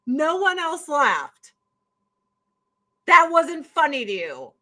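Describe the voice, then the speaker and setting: A woman's voice: high-pitched, big pitch swings, takes it slowly, sharp tone, rough recording. A woman hosting a casual commentary stream, ranting sarcastically and swearing freely. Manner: sarcastic, profane, exasperated.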